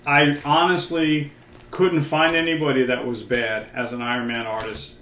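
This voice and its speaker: A man's voice: mid-range voice, level tone, moderate pace, sharp tone, slight background noise. An older man co-hosting a casual chat, joking and playing the showman. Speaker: co-host. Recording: roomy room sound.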